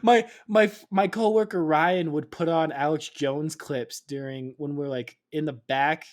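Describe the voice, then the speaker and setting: A man's voice: fairly high pitch, steady tone, unhurried. A young man co-hosting a podcast, chatting casually in crude, giggly banter full of swearing. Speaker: podcast co-host. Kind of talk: casual chat.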